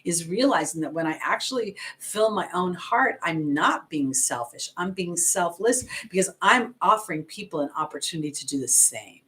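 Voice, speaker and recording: A woman's voice: on the low side, expressive, normal speed, hardly any pauses, sharp tone. A woman, an intuitive astrologer, giving a casual oracle card reading and chatting expressively straight to her viewers.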